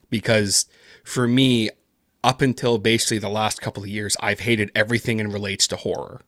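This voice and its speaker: A man's voice: fairly low pitch, level tone, normal speed, fairly bright tone, dry recording, studio quality. A man talking casually in an interview, rambling with lots of fillers and self-deprecating asides. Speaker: podcast guest, horror narrator.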